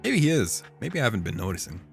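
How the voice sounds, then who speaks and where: A man streaming a game, talking casually in an animated, rambling way with restarts. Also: fairly low pitch, quick pace, creaky, faint music behind. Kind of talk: casual gameplay commentary.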